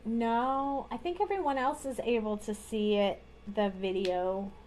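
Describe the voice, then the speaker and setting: A woman's voice: on the high side, unhurried, a little mellow, a little hiss or hum. A woman hosting a live card-making tutorial, chatting casually as she talks through each coloring step at her craft desk.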